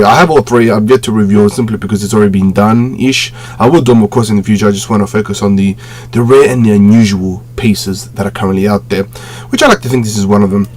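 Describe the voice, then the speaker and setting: A man's voice: lowish voice, a little mellow. A man casually reviewing a collectible on a webcam at home, rambling, with many fillers and self-corrections. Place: home room with display shelves.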